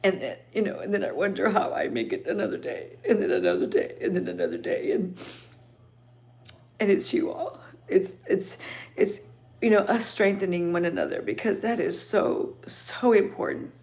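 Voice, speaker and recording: A middle-aged woman from Texas hosting a livestream, talking emotionally and haltingly to her viewers with many restarts. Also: medium pitch, lively intonation, gravelly, darkish tone. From Texas, Rio Grande Valley. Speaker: livestream host. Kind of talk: casual chat with viewers.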